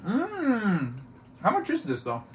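A man's voice: high-pitched, takes it slowly, slight background noise. Teasing young man, mouth full. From Toronto, Canada. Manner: teasing, excitable, talks while chewing. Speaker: co-host. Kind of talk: casual mukbang chat. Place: indoors, sitting on the floor.

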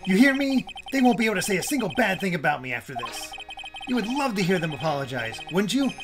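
A woman's voice: mid-range voice, sing-song, fast, over music. A woman voicing a smug, vengeful male doctor who gloats and sneers. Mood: gloating.

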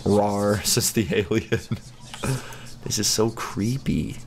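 A young man giving casual, goofy commentary while playing a game, chatty and quick to laugh and react. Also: on the low side, gravelly, heavy background noise. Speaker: gaming YouTuber.

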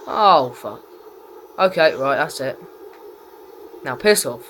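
A man commentating his own gameplay, raging, swearing and yelling at opponents. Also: a little high, expressive, slow pace, pauses often, a little hiss or hum. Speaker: gaming channel host.

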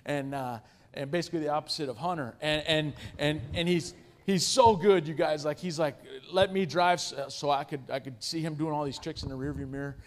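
A man in his forties with a high-pitched voice tells a lively, self-mocking story to a congregation. He keeps turning to the crowd with direct questions and asides. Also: fairly quick. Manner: animated, self-deprecating, addresses the audience directly. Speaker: guest speaker.

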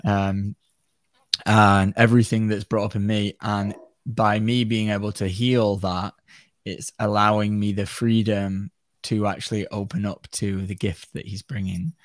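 A man speaking as a podcast guest, talking in a reflective, earnest, measured way. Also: on the low side, little pitch movement, no room sound. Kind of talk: casual conversation.

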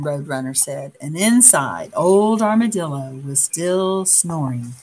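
A woman reading a picture book aloud in a soft, unhurried way, pausing to comment on the pictures. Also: lowish voice. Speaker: storyteller.

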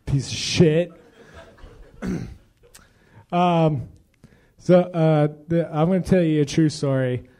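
Young male stand-up, intoxicated and rambling, high and unhurried, cracks himself up. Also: mellow. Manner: profane, loose, laughing at his own jokes. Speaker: stand-up comedian.

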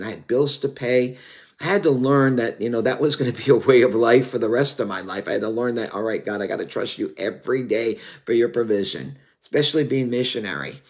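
A man in his fifties preaches earnestly and confessionally. He tells his own story with frequent "you know"s while he searches for words. His voice sits in an ordinary middle range. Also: mid-range voice. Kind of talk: sermon.

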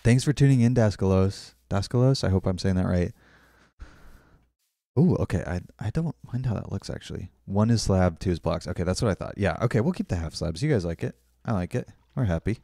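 A man's voice: deep voice, lively intonation, a little fast, warm tone, no room sound, clean studio sound. A young man streaming a game, chatting casually with viewers and often apologizing. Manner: chatty, apologetic, reads chat aloud. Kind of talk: casual live-stream chat while building.

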